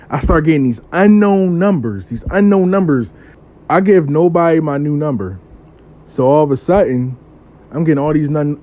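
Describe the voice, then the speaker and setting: A man tells a casual story with blunt, cussing energy, his voice sitting fairly high and swinging up and down a lot. The audio is dull and a bit lo-fi. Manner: profane, blunt, animated, acts out the voices. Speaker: spiritual worker telling a client story.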